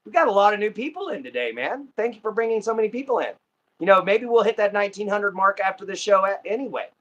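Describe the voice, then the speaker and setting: Male streamer host from America, laughs easily, voice a touch high, friendly chat. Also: animated, fast, fairly bright tone, dull audio. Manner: laughs often, friendly sign-offs. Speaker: livestream host. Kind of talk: casual livestream chat.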